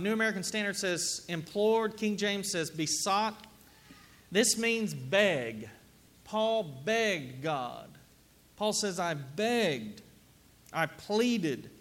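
Conversational male preacher, fairly high voice. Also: a bit bright. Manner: conversational preaching, asks the congregation questions. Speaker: pastor. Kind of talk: sermon. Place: church sanctuary with congregation.

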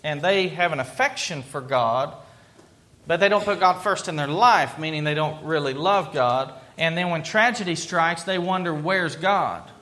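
A man preaching a sermon in an earnest, reflective way, pausing to let points land. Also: fairly high pitch, pushed and bright. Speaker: pastor.

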